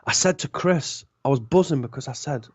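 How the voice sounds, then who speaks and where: A man, a podcast guest, telling a long anecdote in a rambling, animated way and acting out the dialogue. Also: medium pitch, a little fast, breathy edge, no room sound. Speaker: podcast guest, former club DJ. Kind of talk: casual storytelling. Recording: dull lo-fi podcast audio.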